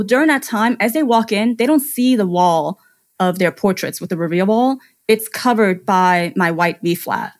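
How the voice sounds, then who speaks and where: On a podcast, a woman photographer walks through her client process step by step, full of enthusiasm. Her voice is mid-range and a little mellow, and the exchange feels like a conversational interview.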